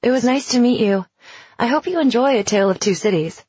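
A woman voicing a confident, friendly teenage girl in an audiobook, husky and chatty. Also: a little high, expressive, fairly quick, a little mellow, dry recording, voice pushed up. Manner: upbeat, chatty. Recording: dull, lo-fi.

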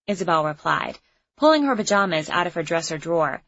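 A woman reading a first-person teen novel aloud in a wry, expressive way. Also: low voice, fairly quick, gravelly. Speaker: audiobook narrator. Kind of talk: first-person audiobook narration. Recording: slightly muffled lo-fi recording.

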